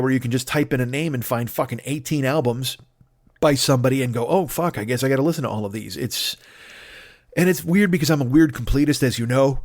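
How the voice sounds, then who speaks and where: A man's voice: mid-range voice, no echo, studio quality. Rambling, swearing comedian man. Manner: rambling, profane, playful. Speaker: comedian and podcast host.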